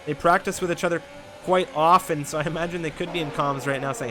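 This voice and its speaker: A man commentating a sim-racing league race, building to near-yelling in close battles. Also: on the high side, fairly even intonation, quick pace, a little hiss or hum. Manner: rises to loud half-yelling in battles. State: catching his breath.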